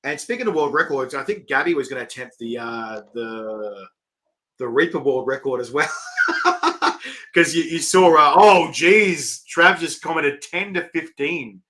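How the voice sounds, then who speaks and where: A middle-aged Australian man hosts a live-stream chat, rambling and excitable as he reads out viewer comments. His voice is sharp and bright and sits a little high. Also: a little slow. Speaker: host. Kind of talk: casual live-stream interview.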